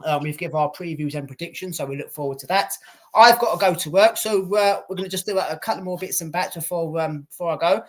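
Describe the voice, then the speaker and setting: A British man with a fairly high voice co-hosts a casual podcast. He talks loosely and bluntly, drops in swear words, and addresses the audience as ladies and gentlemen. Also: fast. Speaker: podcast co-host.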